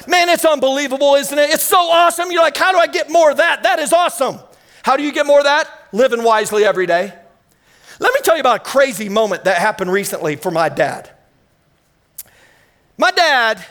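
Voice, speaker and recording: High-pitched guy preaching in church, fired up, tells stories. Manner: energetic, storytelling, fired up. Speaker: guest preacher. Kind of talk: sermon. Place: church sanctuary.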